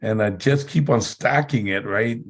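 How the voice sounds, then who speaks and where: A man's voice: fairly low pitch, measured pace. A man giving a motivational seminar talk, telling chatty anecdotes and laughing often. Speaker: seminar speaker.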